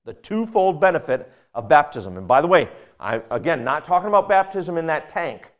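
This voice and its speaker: A man's voice: on the high side, very animated, moderate pace. Emphatic male pastor preaching. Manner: emphatic, repeats key phrases, asks the congregation questions. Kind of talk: sermon.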